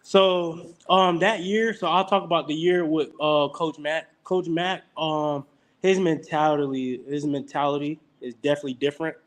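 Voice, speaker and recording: With a fairly high pitch and an ordinary pace, a young college football player tells stories on a laid-back podcast. He's animated, acting out the lines he quotes.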